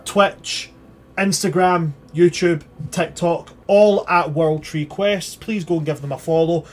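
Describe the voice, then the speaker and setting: Chatty game master signing off. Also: male voice, fairly high pitch. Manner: chatty, upbeat sign-off. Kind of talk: closing a livestream, plugging socials.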